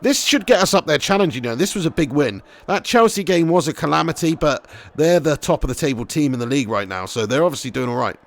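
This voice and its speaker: A young man commentating a football game live, reading chat, swearing and getting loud at goals. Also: on the high side, fast, few pauses. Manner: excitable, swears freely, shouts at goals. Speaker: streamer playing a football career mode.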